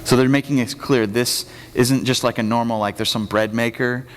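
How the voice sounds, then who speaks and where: A man's voice: medium pitch, fairly even intonation, normal speed. A man preaching a conversational sermon as the pastor of a church, telling the story casually and acting out the quotes. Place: church sanctuary. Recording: reverberant church hall.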